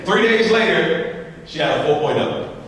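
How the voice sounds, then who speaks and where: Heard from a distance in a big hall, a male motivational speaker delivers a funny, repetitive story straight to the crowd. He speaks at a measured pace in an expressive voice that's a little high and a bit bright.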